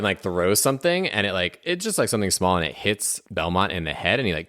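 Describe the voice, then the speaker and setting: A young man playing a tabletop game who complains in character and narrates the scene, often exasperated and whiny, with sudden high squeaks. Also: lively intonation, fast, a bit bright, dry recording, studio quality. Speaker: player.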